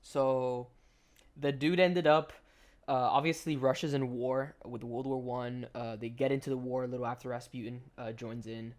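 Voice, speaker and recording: A man's voice: mid-range voice, fairly even intonation, normal speed, darkish tone. A young adult man, a gaming commentator, telling a story in a rambling, slangy way, full of restarts over gameplay.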